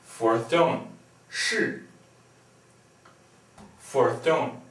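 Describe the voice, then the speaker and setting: A man teaching a pronunciation lesson, drilling each syllable deliberately. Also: mid-range voice. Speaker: language teacher. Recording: echoey room, distant from the mic.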